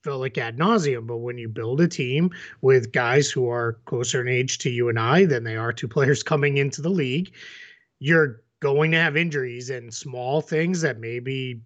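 A man's voice: medium pitch, normal speed, a bit bright, dull audio. A man co-hosting a sports podcast, talking casually with many fillers and restarts. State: has the hiccups. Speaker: podcast co-host.

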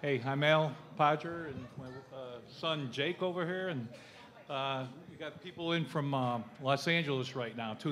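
Rambling fan with a question. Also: male voice, a little high, normal speed, fairly bright tone. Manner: rambling, hesitant with "uh". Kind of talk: casual chat.

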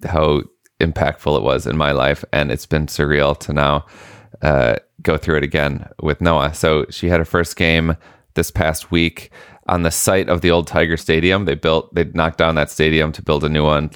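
A man's voice: extremely low pitch, normal speed, clean tone, no echo, studio quality. A man in his late thirties, a podcast co-host, telling a family story in casual chat and acting out the quotes. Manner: animated storytelling, acts out quotes.

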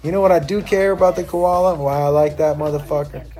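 A man's voice: on the high side, fairly even intonation, fast talker, mellow. A man in a stoned state, rambling through a profane, tangent-filled commentary.

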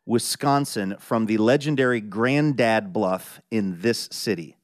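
A man's voice: fairly low pitch, unhurried. Upbeat man hosting a radio show. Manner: upbeat, bantering. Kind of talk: public radio hosting and ad reads.

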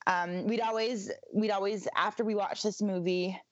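A woman's voice: mid-range voice, fairly even intonation, normal speed, no room sound. A woman chatting casually as a podcast co-host, with lots of ums and restarts and easy laughter. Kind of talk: casual chat. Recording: dry, slightly muffled sound.

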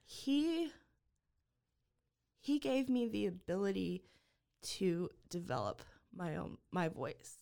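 A woman guest on a podcast telling a personal story in an earnest, halting way, with many fillers and restarts. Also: medium pitch, very animated, vocal fry, warm tone, smooth.

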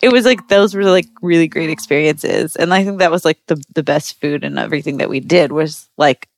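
A woman's voice: low-pitched, brisk, dry recording, clean studio sound. A young woman telling a casual story in a chatty way, full of fillers and acted-out quotes.

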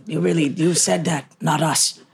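A woman's voice: low voice, fairly even intonation, normal speed, gravelly. A woman playing a tabletop game, speaking boldly and sarcastically in character. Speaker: player.

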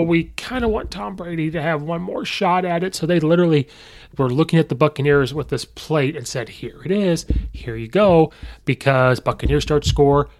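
Excitable man rambling about football. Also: fairly high pitch. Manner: rambling, excitable, acts out fans' reactions. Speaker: podcast host. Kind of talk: casual sports recap.

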